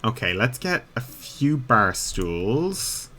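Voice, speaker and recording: A man's voice: mid-range voice, very animated, slow pace, sharp tone. A young Irish man chatting casually and rambling while he plays a game on stream, laughing often. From Ireland. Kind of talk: casual gameplay chat.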